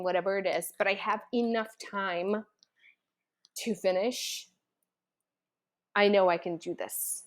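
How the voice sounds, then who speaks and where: A woman host telling a personal story in an earnest, emotional way, with lots of fillers and restarts. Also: mid-range voice.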